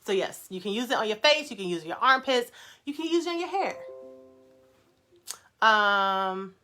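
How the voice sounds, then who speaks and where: A young woman hosting a casual livestream, reading viewer comments aloud and answering them in a fast, animated way with frequent laughter. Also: mid-range voice, soft background music. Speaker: brand founder hosting a live Q&A.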